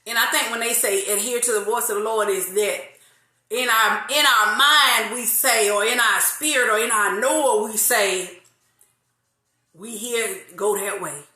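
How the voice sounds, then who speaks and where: Woman, forties, faith talk host, casual, laughs often, lively, roomy echo. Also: a little high, normal speed. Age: 40s. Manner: lively, laughs often, drawls some phrases.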